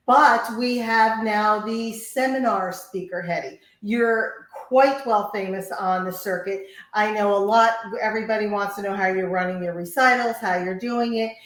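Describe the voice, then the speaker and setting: A woman's voice: medium pitch, normal speed. A woman hosting an interview, asking questions and affirming her guest. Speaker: podcast host. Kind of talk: casual interview. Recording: roomy echo.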